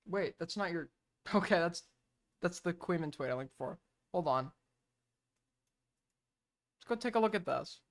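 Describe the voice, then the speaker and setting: A man's voice: high voice, big pitch swings, measured pace, pauses often, bright, forceful tone. A sleep-deprived male streamer reacting casually to clips, profane, exasperated and rambling.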